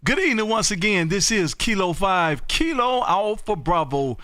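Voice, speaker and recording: A man hosting a ham radio show, calling CQ and chatting loudly and folksily with callers. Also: high-pitched, lively intonation, dry recording, clean studio sound. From Texas. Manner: loud, folksy, drawn-out exclamations. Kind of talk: casual on-air radio chat.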